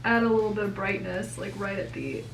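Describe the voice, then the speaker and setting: Animated and a little fast, this young makeup vlogger jokes at her own expense while applying makeup on camera, her mid-range voice showing vocal fry. There is slight background noise, along with a roomy echo from a far-off mic.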